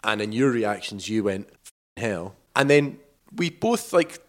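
A man telling a cycling trip story in a casual, animated way, acting out quotes and laughing often. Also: on the low side, unhurried. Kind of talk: casual storytelling over footage.

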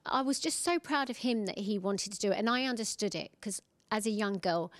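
Brief: woman in her 40s, interview guest, chatty storyteller, mid pitch, dry close mic. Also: a little fast, no echo. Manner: chatty, warm storytelling, acts out quoted voices. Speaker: guest, singer. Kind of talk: casual interview chat.

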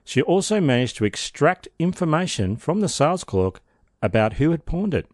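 A man's voice: on the high side, very animated, normal speed, a little mellow, dry recording, studio quality. A man hosting a podcast, narrating a true crime case with wry, sardonic asides. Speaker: podcast host.

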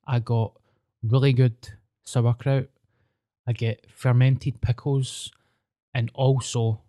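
A man's voice: medium pitch, mellow, no echo, studio quality. A Scottish man chatting on a podcast, telling stories in sweary, laid-back banter. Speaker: podcast co-host. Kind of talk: casual chat.

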